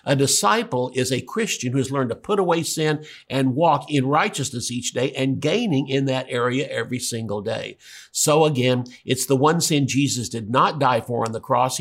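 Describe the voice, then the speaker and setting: A middle-aged man preaching a sermon, telling a story and jumping up in pitch to stress his points. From Oklahoma. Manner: storytelling, with sudden pitch jumps for emphasis.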